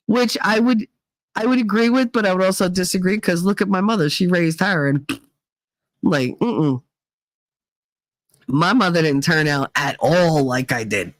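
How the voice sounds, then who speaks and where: A woman from Northeast Pennsylvania hosting a livestream, chatting casually with her viewers and telling stories full of fillers and quick voice mimicry. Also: lowish voice, no room sound, rough recording. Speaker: livestream host reading chat. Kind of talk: casual chat.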